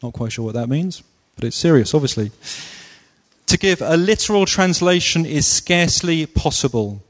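A man preaching a sermon with slow, deliberate, emphatic phrasing. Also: on the high side, expressive. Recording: long reverb of a large hall.

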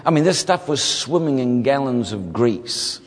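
A man from New Zealand with a New Zealand accent, telling a humorous testimony as a guest preacher, animated and full of comic asides. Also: mid-range voice, measured pace. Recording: long hall reverb.

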